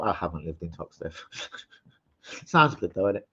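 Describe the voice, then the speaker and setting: A man's voice: on the low side, big pitch swings, moderate pace, long pauses. Sweary, rambling man hosting a stream. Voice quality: sweary, rambling, loud shout-outs. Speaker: live-stream host. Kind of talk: casual live-stream chat reading comments. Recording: slightly muffled stream audio.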